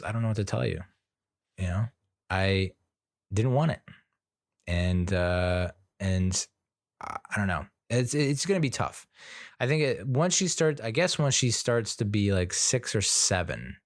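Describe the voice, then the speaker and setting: A man's voice: lowish voice, no echo, studio quality. A man hosting his own podcast, talking in a rambling, casual way with lots of fillers and wry sarcastic asides. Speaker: podcast host. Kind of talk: solo casual podcast monologue.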